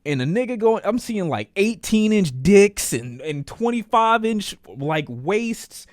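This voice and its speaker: A man streaming a casual storytime, animated and profane, repeating phrases for emphasis. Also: high voice, unhurried, no room sound, clean studio sound.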